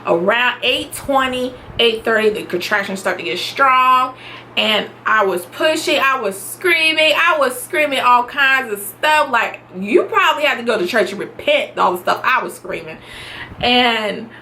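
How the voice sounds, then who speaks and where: Bright-voiced woman telling a story animatedly. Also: on the high side, measured pace, a little hiss or hum. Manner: animated, laughs often, acts out her own shouts. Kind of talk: casual storytelling vlog. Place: home.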